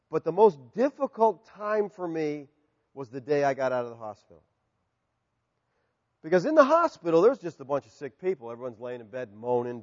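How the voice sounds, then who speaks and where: A middle-aged man preaching a sermon, animated and swinging from loud declarations to hushed asides. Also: on the high side, in a large hall, muffled recording. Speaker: pastor.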